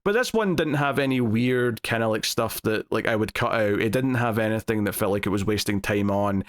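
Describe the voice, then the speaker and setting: A man's voice: fairly low pitch, a little fast. A man giving a casual spoken review of a TV episode. He rambles, with many fillers and restarts.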